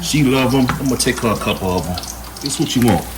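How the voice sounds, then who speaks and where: A man's voice: mid-range voice, animated, fast. A man hosting a casual home cooking video, talking folksy and playful to the viewer while he works in his kitchen. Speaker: home cook and channel host. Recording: loud kitchen noise behind voice. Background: sizzling frying and clattering pots.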